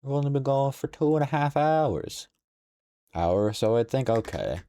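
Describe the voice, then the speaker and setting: A young man streaming a game, chatting casually, sleepy and yawning yet playful and quick to exclaim. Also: medium pitch. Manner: playful, animated, exclaims and laughs often. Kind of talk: casual live-stream chat while playing a game.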